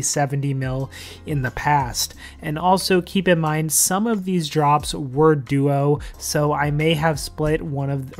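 A man hosting a gaming vlog in a loose, chatty way, full of fillers, speaking into a desk microphone. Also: on the high side. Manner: chatty, loose, heavy on "like" and "you know". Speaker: gaming channel host. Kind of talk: casual game commentary vlog.

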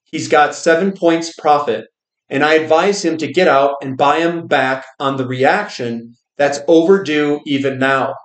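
A man's voice: fairly high pitch, measured pace, close to an everyday voice. Guy doing a pushy stock tip guy, exasperated, roomy sound. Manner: insistent, exasperated. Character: pushy male stock tipster, impatient. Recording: roomy echo.

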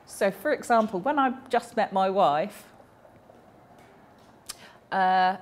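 A woman's voice: mid-range voice, slow pace. A woman, voicing a deaf speaker's personal stories aloud in a chatty, anecdotal way, with small self-corrections along the way.

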